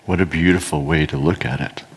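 A man's voice: extremely low pitch, steady tone, a little fast, breathy edge. A man in his fifties speaking earnestly and reflectively to a gathering, sharing personal experience. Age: 50s. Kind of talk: reflective spoken talk to an audience.

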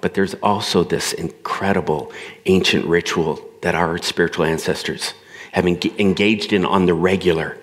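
A man's voice: sits low, in a large hall. A man preaching a sermon in a conversational way, acting out the voices he quotes. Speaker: pastor.

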